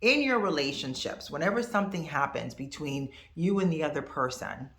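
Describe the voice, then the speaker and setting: An expressive woman in her fifties gives a casual lesson to camera. Her voice sits a little low, and the room around her sounds echoey. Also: moderate pace. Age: 50s. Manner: expressive, conversational, animated asides. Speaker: host.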